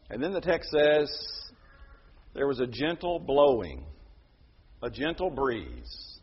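Husky-voiced male preacher. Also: mid-range voice, very animated, slow, pauses often, dull audio. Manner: emphatic, swelling to loud peaks then dropping soft. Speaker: pastor. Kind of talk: sermon.

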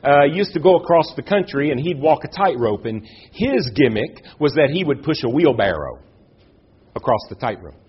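A man delivers a sermon with earnest conviction, pausing for effect and pushing his voice up on key questions. His voice has a husky edge, and the recording sounds slightly dull and muffled. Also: big pitch swings. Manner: earnest, with dramatic pauses and rises in pitch. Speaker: preacher.

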